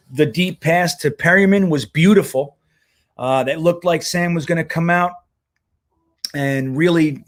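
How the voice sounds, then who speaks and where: A man hosting a casual livestream, talking loosely and rambling, swearing now and then. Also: fairly high pitch. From United States. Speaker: host.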